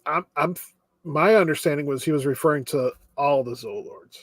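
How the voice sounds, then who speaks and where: Young man calmly summarizing plot, dry sound. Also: on the high side, normal speed, no room sound. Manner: steady plot summarizer with ums and uhs. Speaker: anime review podcast co-host. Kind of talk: casual chat.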